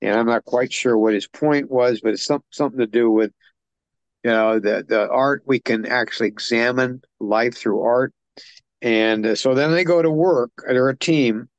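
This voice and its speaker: Male podcast co-host, mid-pitched, chatty plot recap, loose and rambling, dry close mic. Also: moderate pace, dry recording. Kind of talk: casual film discussion.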